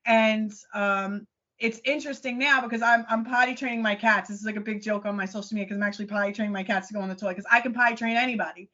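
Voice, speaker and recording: A middle-aged woman, a life coach, telling stories in an animated, self-deprecating way on a podcast. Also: medium pitch, quick pace. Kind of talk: casual podcast interview. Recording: dull lo-fi audio.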